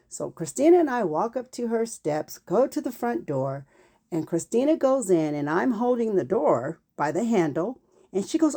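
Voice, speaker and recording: A woman in her fifties telling a personal childhood story in an animated way, acting out what people said. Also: medium pitch, moderate pace. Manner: animated, acts out quotes.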